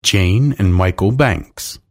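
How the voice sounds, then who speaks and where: A man's voice: deep voice, slow, gravelly, full character voice. A man reading a storybook aloud, voicing a prim, polite nanny.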